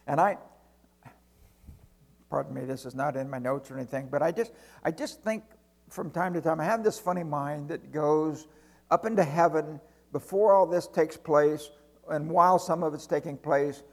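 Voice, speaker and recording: A man's voice: on the high side, measured pace, long pauses, a little mellow. A male pastor preaching a sermon in a conversational way, full of rhetorical questions.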